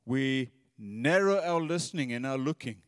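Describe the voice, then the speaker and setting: A man's voice: mid-range voice, animated, moderate pace, clear, resonant tone, clean studio sound. Earnest male preacher in a big hall. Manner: earnest, conversational preaching with repeated words. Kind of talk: sermon.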